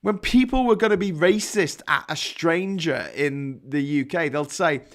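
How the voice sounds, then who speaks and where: With a slightly high voice and a measured pace, a Liverpool man from England hosts a loose monologue. He rambles through his stories, restarting sentences and swearing mildly now and then.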